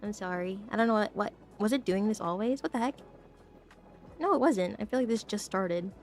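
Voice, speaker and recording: A woman's voice: medium pitch, fairly quick, darkish tone, a little hiss or hum. A young woman chatting casually on a live stream, giggling often and tripping over her words as she rambles to her viewers. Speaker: VTuber streamer.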